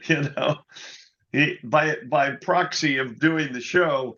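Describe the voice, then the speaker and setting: A man being interviewed as a guest musician, telling an anecdote in a casual, animated way, often adding "you know". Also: on the high side, drawn-out words, pauses often, dull audio. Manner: animated anecdote teller, quotes others, many "you know"s.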